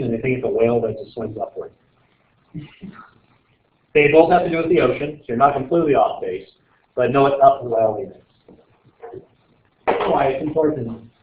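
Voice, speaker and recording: A man's voice: medium pitch, a little fast, long pauses. A male teacher running a casual exam review, joking and quizzing his students as he rambles. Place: classroom. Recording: echoey classroom on tinny lo-fi audio.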